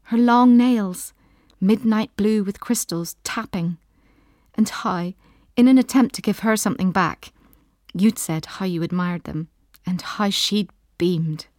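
Soft-spoken woman narrating a story, dry. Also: medium pitch, a little slow, dry recording. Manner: soft and intimate, dropping to a whisper at tender moments. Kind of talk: scripted second-person story narration.

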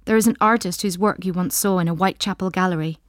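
A woman reading a story in the second person, soft and intimate, sometimes dropping into a whisper. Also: on the low side, quick pace, no room sound, clean studio sound. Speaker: narrator.

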